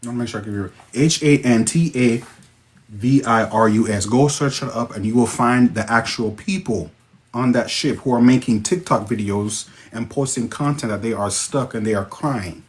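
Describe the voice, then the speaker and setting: A man with a Jamaican accent hosting a casual livestream, reading viewer comments and breaking into sudden high exclamations. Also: moderate pace. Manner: excitable, interjects sudden high-pitched exclamations. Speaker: livestream host.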